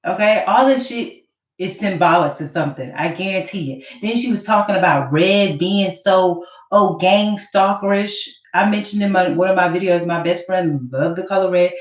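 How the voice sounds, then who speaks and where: A woman's voice: lowish voice, normal speed. A woman vlogger ranting to camera in an accusatory, mocking way, repeating her points. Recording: roomy, distant, dull camera audio.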